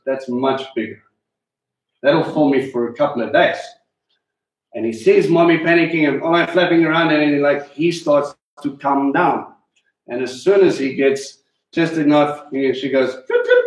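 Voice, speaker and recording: A man preaching a sermon in an animated way, swinging between loud and hushed, and speaking directly to the people in the room. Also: medium pitch. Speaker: teacher. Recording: echoey room.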